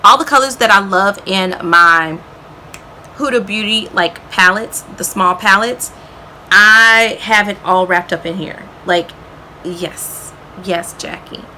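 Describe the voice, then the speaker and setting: A woman's voice: mid-range voice, unhurried, pushed and bright, a little hiss or hum. A woman beauty vlogger chatting enthusiastically about her favorite products, calling viewers y'all and girl and tagging sentences with "okay?". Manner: frequent "okay?" tags.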